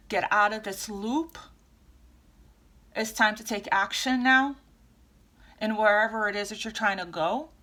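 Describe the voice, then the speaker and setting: A woman's voice: mid-range voice, pushed and bright. A woman tarot reader speaking casually to her viewers, rambling with many restarts and fillers.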